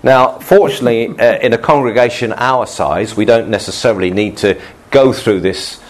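A male pastor giving a relaxed, good-humoured sermon to his congregation, often laughing and restarting his sentences. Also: mid-range voice, moderate pace.

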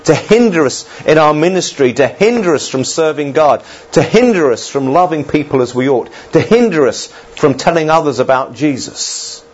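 Animated preacher, husky voice. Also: male voice, mid-range voice, muffled recording. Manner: conversational, animated preaching with asides to the congregation. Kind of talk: sermon.

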